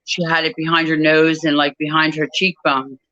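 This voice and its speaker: A woman guest in an interview, telling a personal story in a measured, reflective way with frequent pauses. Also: low-pitched, flat delivery, fairly bright tone, dry recording, highs cut off. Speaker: author and guest.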